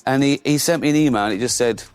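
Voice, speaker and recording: A man's voice: medium pitch, fast talker, clear, resonant tone, soft background music. A middle-aged man, a comedian guest spinning stories on a talk show. He is cheeky, laughs through his punchlines and trips over his own restarts, in a mid-range voice. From England. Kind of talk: talk show chat and anecdote.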